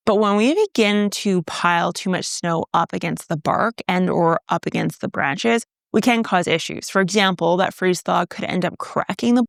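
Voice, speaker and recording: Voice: mid-range voice, no echo, clean studio sound. A gardening channel host from Canada giving a casual, practical how-to explanation with wry asides.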